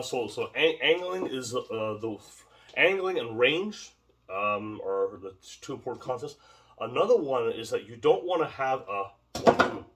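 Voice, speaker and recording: Guy teaching a martial arts drill, rambly and repeats himself, mic kinda far off, noisy. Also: medium pitch. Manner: rambling, repeats words, emphatic. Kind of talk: casual demonstration lesson. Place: home training space.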